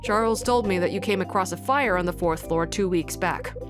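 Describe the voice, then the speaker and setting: A laconic man, played by a woman, answers in a lowered, flat tone. He keeps his delivery dry and unhurried, never raising his voice. He sounds like a quiet video game investigator. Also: music in the background, natural voice.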